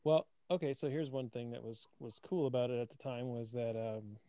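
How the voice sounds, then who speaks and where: A man with an ordinary middle-pitched voice answers a question in casual talk. He hesitates and stammers at the start of his answer before settling into it. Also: fairly quick, warm tone, dry recording, clean studio sound. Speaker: band musician guest. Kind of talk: casual chat.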